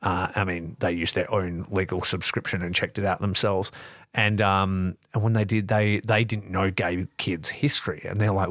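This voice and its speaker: A low-pitched man co-hosts a wrestling podcast at a moderate pace, chatting casually through a wrestling review. His storytelling is animated, loose, and profane, and he acts out quotes. There's no echo.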